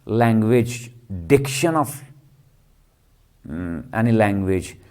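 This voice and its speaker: A man's voice: on the low side, lively intonation, slow, darkish tone. Man lecturing with quiz questions. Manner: keeps quizzing with rhetorical questions, tags "ji". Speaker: literature lecturer. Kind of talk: classroom lecture.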